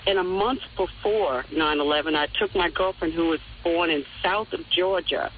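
A woman's voice: lowish voice, moderate pace. A woman from New York City calls in to a talk radio show, recounting a personal story with earnest, heartfelt feeling. Her voice comes through a narrow, tinny phone line with a faint hiss behind it. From New York City, Harlem. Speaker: caller. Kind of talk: call-in storytelling.

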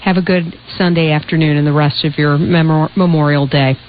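A woman's voice: low-pitched, fairly even intonation, a little fast. A woman hosting a live talk radio show, interviewing guests and taking calls. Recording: dull broadcast audio with faint hiss.

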